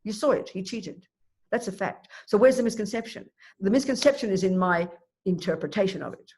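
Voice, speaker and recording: A woman's voice: medium pitch, a little fast. Emphatic woman teaching Buddhism. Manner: emphatic, animated, thinks aloud with restarts. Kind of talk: dharma teaching talk.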